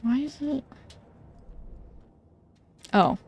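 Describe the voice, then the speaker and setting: A woman's voice: high voice, very slow, husky. A woman streamer giving casual, wry commentary as she plays, thinking aloud.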